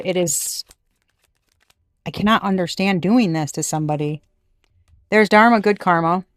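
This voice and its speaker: A woman giving a casual tarot reading, blunt and animated, swearing freely. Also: lowish voice, moderate pace, pauses often, no room sound, studio quality. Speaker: tarot reader.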